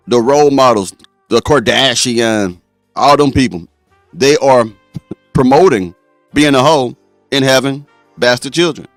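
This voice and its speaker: A man's voice: medium pitch, measured pace, long pauses, dry recording, studio quality, faint music behind. A man hosting a live-stream talk show, speaking bluntly and straight to his viewers. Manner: blunt, addresses viewers directly.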